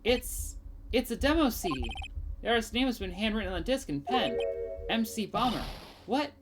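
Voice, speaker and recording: Woman voicing a bubbly dramatic teen girl, pitched up and loud, game music behind. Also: normal speed. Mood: excited. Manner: lively, dramatic. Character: bubbly excitable teenage girl sidekick.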